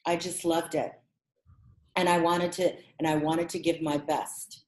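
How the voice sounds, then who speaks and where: Animated woman telling stories, roomy sound. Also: deep voice, measured pace. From American Midwest. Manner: animated, expressive, acts out quotes. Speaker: guest. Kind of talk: conversational storytelling. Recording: roomy echo.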